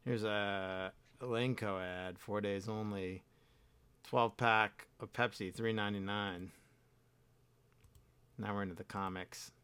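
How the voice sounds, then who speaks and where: A man's voice: fairly low pitch, fairly even intonation, takes it slowly, long pauses, fairly bright tone, smooth. A man co-hosting a casual podcast, reading old newspaper ads aloud and joking about them. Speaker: podcast co-host. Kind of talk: casual chat.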